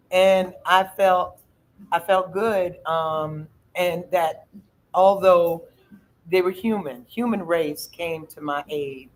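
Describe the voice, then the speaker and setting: A woman's voice: medium pitch, rough recording. A middle-aged woman, telling a personal story as host of a casual chat, acting out the quoted voices with feeling. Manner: emotional, animated retelling with quoted voices.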